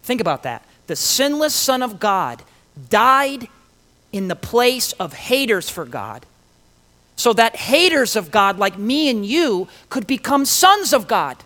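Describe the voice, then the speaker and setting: A man preaching a sermon, emphatic and animated, with rhetorical questions and dramatic pauses. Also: very high voice. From Italian heritage.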